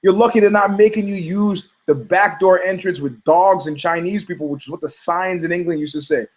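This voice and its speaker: A middle-aged man co-hosting a podcast, who talks in a lively, opinionated way. He tells stories with a fair amount of animation and plays out the people he quotes in changing voices. His voice sits a bit higher than most men's. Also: brisk, poor audio. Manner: animated storytelling, acts out quoted voices, frequent laughs. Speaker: podcast co-host. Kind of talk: casual opinionated talk.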